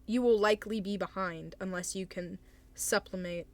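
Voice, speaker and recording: A young woman talks casually on a livestream, answering chat in a hesitant, apologetic way. She trails off, restarts and laughs awkwardly. Her voice sits at an ordinary middle pitch for a woman. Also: fairly even intonation, normal speed, a little mellow, a little hiss or hum. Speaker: streamer.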